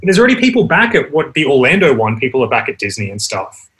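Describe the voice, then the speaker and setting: A man's voice: mid-range voice, big pitch swings, fast talker, a bit bright. An Australian man chatting casually on a call and laughing often. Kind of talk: casual chat.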